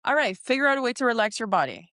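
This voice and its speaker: A woman co-hosting a casual spiritual podcast, animated, laughing often and acting out her own inner voices. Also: fairly high pitch, racing, no echo, studio quality. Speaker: podcast co-host.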